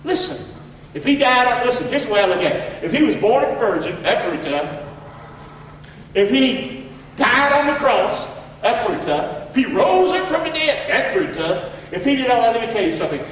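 A man preaching a sermon in a folksy, preacherly way that rises to shouts, recorded from far off in an echoey hall. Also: very high voice, sing-song, normal speed, a little hiss or hum. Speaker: pastor.

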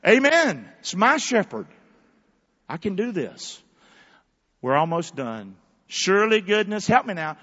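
A man's voice: high voice, sing-song, unhurried, lo-fi sound. Fiery preaching man in a big hall. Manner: fiery call-and-response preaching, shifting from hushed to shouting. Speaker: pastor. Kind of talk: sermon. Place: large church hall.

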